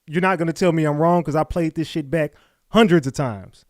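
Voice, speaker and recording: A man's voice: on the high side, a little fast, a little mellow, dry recording, studio quality. A man hosting a reaction stream who speaks bluntly and profanely and keeps insisting on his point to his chat. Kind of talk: casual reaction commentary.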